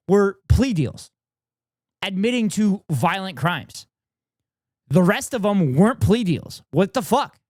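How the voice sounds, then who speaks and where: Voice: mid-range voice, darkish tone, no echo, studio quality. A streamer reacting to a debate video with exasperated, profane, incredulous commentary.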